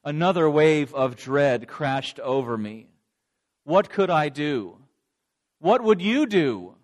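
Man doing an ashamed grown disciple, first-person telling, slightly high voice. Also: lively intonation, slow pace. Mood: remorseful. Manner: dramatic first-person storytelling. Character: remorseful adult male disciple recounting denial. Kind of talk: first-person dramatic monologue.

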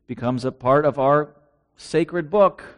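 A male preacher delivering a sermon at an unhurried, deliberate pace. He reads scripture aloud and keeps putting rhetorical questions to his listeners, in a voice set a little high for a man.

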